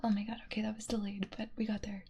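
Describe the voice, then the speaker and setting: A woman streamer in soft-spoken ASMR stream chat, slipping between whispers and quiet talk and giggling often. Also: medium pitch, level tone, fast, vocal fry, slight background noise.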